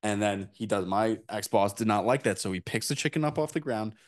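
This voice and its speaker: Blunt, low-voiced podcast host. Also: male voice, a little fast. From New Jersey. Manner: blunt, profane storyteller. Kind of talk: casual podcast chat.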